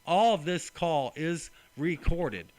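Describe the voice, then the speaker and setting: A man's voice: a little high, expressive, slow pace, a little mellow, dry recording. A man angrily demanding help on a customer service phone call, sarcastic and confrontational. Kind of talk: heated phone complaint.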